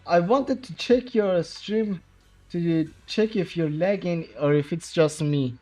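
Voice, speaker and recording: A man's voice: sits high, slow, warm tone, faint music behind. A man from Iran with a Persian accent, his first language being Persian, chatting casually with his chat on a game livestream, laughing often and bantering playfully. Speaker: streamer.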